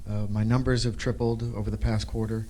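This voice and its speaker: A man's voice: lowish voice, flat delivery, a little fast, dark tone. A man taking part in a leadership workshop role-play, speaking hesitantly with many filler sounds. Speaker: workshop participant.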